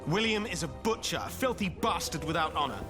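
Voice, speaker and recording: A man's voice: on the high side, animated, natural voice. A man playing a proud hot-headed knight. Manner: proud, quick to anger. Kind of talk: game voice acting. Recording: game audio with loud music.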